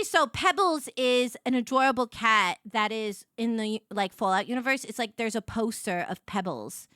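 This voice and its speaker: A woman streamer chatting casually to her viewers, bubbly and excitable, rambling with lots of "like"s and squealing over cute things. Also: a little high, normal speed, few pauses, clean tone, no echo, clean studio sound. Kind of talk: casual live-stream chat.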